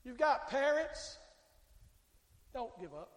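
High-pitched shouting preacher. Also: male voice, animated, a little slow, long pauses. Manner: swings between shouting and hushed, calls out to congregation. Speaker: pastor. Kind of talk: fiery revival sermon. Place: church sanctuary. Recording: echoey church hall with long reverb.

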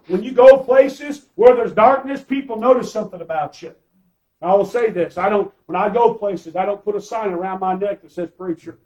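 Male pastor with a high voice, emphatic sermon with rhetorical questions. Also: a little mellow, lo-fi sound.

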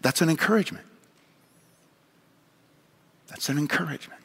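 A man preaching a sermon in earnest, moving between raised emphasis and hushed appeals. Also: on the high side, normal speed, slightly rough. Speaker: pastor. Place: church sanctuary. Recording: long church hall reverb.

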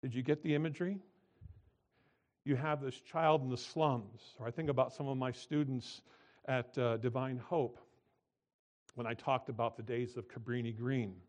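A man preaching a sermon, swinging between emphatic, loud lines and quiet, drawn-out ones. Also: mid-range voice, fairly even intonation. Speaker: pastor.

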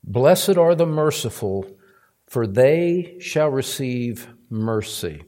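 A man's voice: mid-range voice, expressive, slow, mellow. A male pastor preaching a sermon, emphatic, climbing to stressed points and repeating words for weight. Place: church sanctuary.

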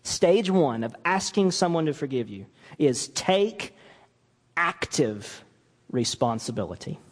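A man preaching from the pulpit in a slightly high, very lively voice that rises and falls as he drives each point home. He slips into little acted-out apologies to make his case. The sound carries the long reverb of a church hall. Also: takes it slowly. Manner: animated preaching, acts out quoted apologies. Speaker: pastor. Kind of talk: sermon. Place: church sanctuary.

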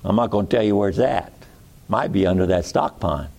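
A man's voice: on the low side, a little fast, gravelly, darkish tone. A man preaching a sermon in a folksy way, repeating phrases for emphasis.

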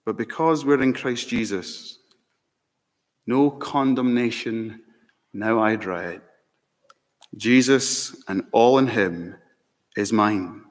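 A man preaching a sermon as pastor, slow and emphatic, building to fervent peaks. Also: lowish voice. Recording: long hall reverb.

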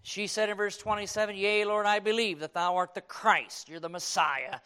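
Male preacher with a high voice. Dramatic sermon, hushed to shouting, reads King James verses. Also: steady tone, normal speed, few pauses, clean tone. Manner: quotes King James scripture.

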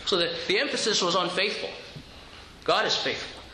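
A man preaching a sermon with a high, bright voice that carries through an echoey room. He explains scripture step by step, often stumbling over a word and repeating it before going on. A faint hum of ambience sits under his voice. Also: moderate pace. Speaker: pastor.

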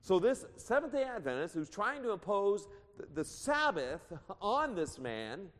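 Guy preaching a sermon, kinda high voice, leans hard on words, lots of hall echo. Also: very animated, measured pace, fairly bright tone. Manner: emphatic preaching with big pitch swings, reading scripture aloud. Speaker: pastor. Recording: long reverb of a church hall.

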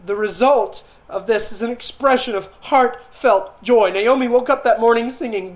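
Preacher giving an impassioned sermon. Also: male voice, high voice, animated, normal speed, poor audio. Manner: impassioned preaching with dramatic retellings of scripture. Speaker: pastor.

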